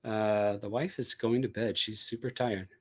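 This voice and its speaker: A man's voice: on the low side, steady tone, moderate pace, darkish tone, slightly rough. A man hosting a casual live stream, chatty and rambling, with frequent fillers, talking into a desk microphone. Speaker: crypto live stream host.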